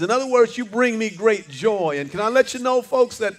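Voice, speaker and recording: A man's voice: sits high, lively intonation, brisk. An older man preaching a sermon, fervent, with call-and-response lines and repeated words. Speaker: pastor.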